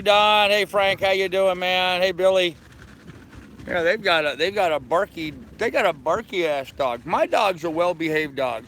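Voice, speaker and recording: An older man with a bright, forceful voice rambles in a folksy, easygoing way, live-streaming from his sailboat deck. His voice sits a little high for a man. Faint outdoor noise drifts behind him. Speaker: sailing vlogger. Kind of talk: casual live-stream chat.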